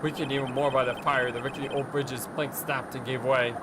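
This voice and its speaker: A woman's voice: very deep voice, flat delivery, brisk, background noise. A woman voicing a determined young male lawyer who narrates in an earnest, grave way. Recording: game music playing underneath.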